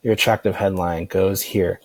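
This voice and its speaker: A man walking through a software tutorial in a relaxed, rambling way, with plenty of fillers and restarts. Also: low-pitched, moderate pace, no room sound. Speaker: online marketing instructor. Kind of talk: casual screen-recorded software tutorial.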